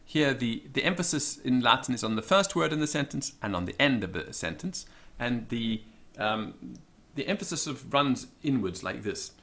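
A man giving an informal spoken lesson, thinking aloud with many ums and slowing down to stress each example. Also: medium pitch, lively intonation, bright, forceful tone. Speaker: Latin teacher.

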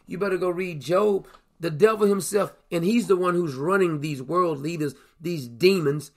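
Preaching over the air from what sounds like a broadcast studio, a man with a high, gravelly, husky and breathy voice delivers a loose, conversational sermon at normal speed. He's animated, repeats words, and acts out the people in his stories.

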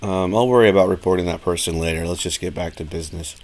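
A man's voice: low voice, quick pace. A man casually talking through a live-streamed modeling tutorial, thinking aloud with plenty of fillers and restarts.

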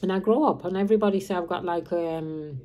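A woman's voice: lowish voice, fast talker, dark tone. A woman in her fifties who grew up in Birmingham, chatting casually to camera in a meandering way and dropping her H's. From grew up in Birmingham, England. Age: 50s. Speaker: vlogger. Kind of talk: casual rambling chat.

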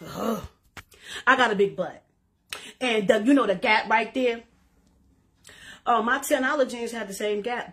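A middle-aged woman, chatting to her viewers in a loud, animated, profane way and laughing often. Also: on the high side. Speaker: social media creator. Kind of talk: casual live-stream chat.

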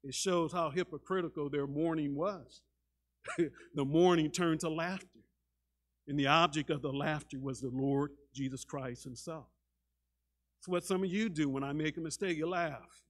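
A man preaching a sermon as a pastor, dramatic, shifting between loud and hushed delivery and often repeating words as he starts a sentence. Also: a little high, normal speed. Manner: dramatic, acts out quoted voices, swings between loud and hushed.

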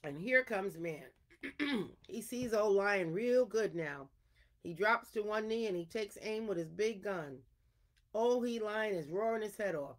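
A woman reading an animal folk tale aloud in an unhurried storytelling manner, her throat a little irritated. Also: medium pitch.

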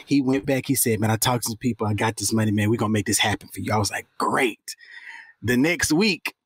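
A man, an actor guest, telling stories in a casual interview in a slangy, animated way and acting out the people he quotes. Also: on the low side, fast talker, husky, no echo.

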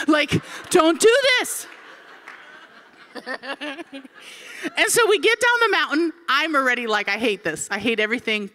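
Lively, bright-voiced woman pastor in her forties. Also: a little high. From Florida. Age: 40s. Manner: animated, comic, acts out quoted voices. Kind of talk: humorous sermon storytelling.

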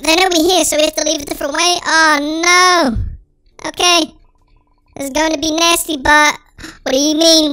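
Chipmunk-filtered let's-play host, excitable and dramatic, very high and piercing. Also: dry recording. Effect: sped-up chipmunk voice filter. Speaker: gaming channel host. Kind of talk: let's-play gameplay commentary.

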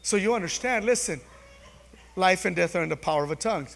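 A middle-aged man gives a testimony sermon in a church, his voice a touch high for a man and ringing with a long hall reverb. He tells the story loosely, restarting his phrases and filling with "you know", and briefly acts out the voices of the people in it. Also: lively intonation, fast talker, vocal fry, fairly bright tone. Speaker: preacher.

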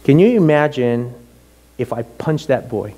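A middle-aged man, a pastor, telling a personal story in a sermon with animated, emotional delivery. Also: medium pitch, unhurried.

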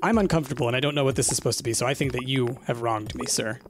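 A man's voice: medium pitch, racing, background noise. A man chatting casually over gameplay, joking in a playful, mock-dramatic way. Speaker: gaming channel regular.

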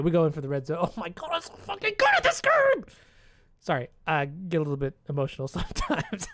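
A streamer giving casual live commentary on their own card game, muttering, swearing and breaking into excited outbursts. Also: mid-range voice, gravelly, no echo, studio quality. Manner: chats to chat and opponent.

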